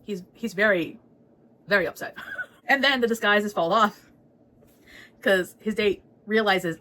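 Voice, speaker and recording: A woman's voice: medium pitch, expressive, unhurried, pauses often, bright, forceful tone, rough recording. A woman giving a casual, chatty book recap, laughing often and swearing freely. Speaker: book reviewer.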